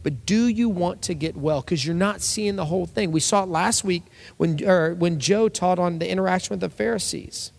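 Gravelly-voiced man preaching a sermon. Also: sits high, normal speed. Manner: conversational preaching with acted quotes. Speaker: pastor.

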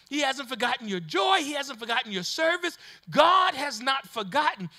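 A man preaching a sermon to viewers, in a preaching cadence that rises and swells into shouts. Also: extremely high pitch. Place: addressing online viewers.

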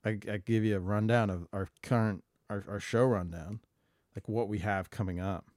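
A podcast co-host rambles and jokes casually to fill airtime, swearing freely. His lowish, darkish voice has fairly even intonation and a normal speed, captured in clean studio sound with no echo.

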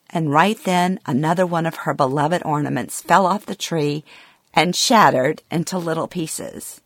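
A middle-aged woman reading a personal memoir aloud, quiet, reflective and somber. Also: deep voice, normal speed, dry recording, studio quality. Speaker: memoir narrator.

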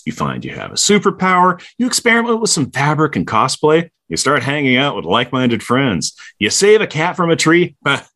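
A man with a husky, slightly breathy voice that swings wildly up and down in pitch. He recaps a comic story for a podcast and keeps slipping jokes into the plot. The delivery is loose and conversational. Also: wildly swooping pitch, normal speed, hardly any pauses, sharp tone. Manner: playful, jokey storytelling. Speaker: podcast co-host. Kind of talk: comic book recap chat.

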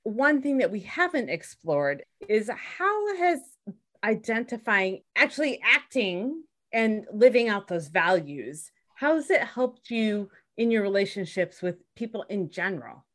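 A woman co-hosting a podcast, asking questions in a measured, teasing interview chat. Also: mid-range voice, big pitch swings, a bit bright. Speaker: podcast co-host.

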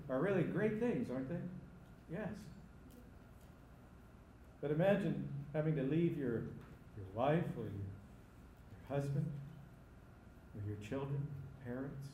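Male preacher, slightly high voice, emphatic delivery, echoey sanctuary sound. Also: a little mellow, a little hiss or hum. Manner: emphatic, rising to cries on quoted lines. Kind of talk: sermon.

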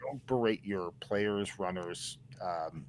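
रुक-रुक कर बोलता धीमी आवाज़ का आदमी. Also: male voice, deep voice, slight background noise, rough recording. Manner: halting, repeats words, stammering restarts. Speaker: podcast co-host. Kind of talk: casual sports chat.

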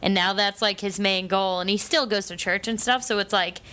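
Bright-voiced chatty woman. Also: medium pitch, fairly even intonation. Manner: rambling, fast storytelling with constant fillers and swearing. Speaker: co-host. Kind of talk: casual comedy chat.

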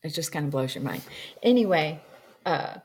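Woman, low voice, casual rambling storyteller, reflective. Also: expressive, normal speed, darkish tone, breathy edge. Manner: rambling, reflective, many ums and you-knows; acts out quoted dialogue in shifting voices. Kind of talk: personal storytelling about a past-life regression session.

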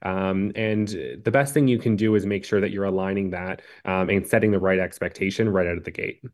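A man answering interview questions about job hunting in a measured way, with frequent ums and uhs. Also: sits low, steady tone. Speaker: career advice guest.

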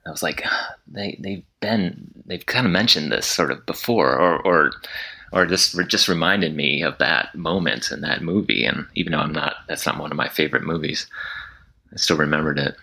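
A man co-hosting a podcast, chatting casually and hesitantly with many pauses. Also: rumbling low, gravelly, bright, forceful tone, slightly rough. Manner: hesitant, lots of ums. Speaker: podcast co-host. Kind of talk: casual chat.

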